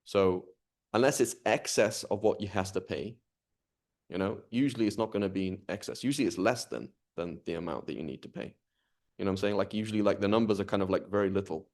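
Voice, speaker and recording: An Islamic studies teacher leads an informal class, talking conversationally and checking in with his students often. His voice is on the low side with a darkish tone.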